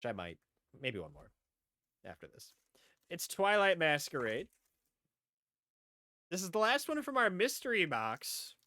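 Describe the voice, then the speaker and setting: A man's voice: sits high, wildly swooping pitch, a little slow, pauses often, bright, forceful tone, dry recording. A man streaming live, chatting casually and rambling as he talks to viewers, repeating himself often. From upstate New York.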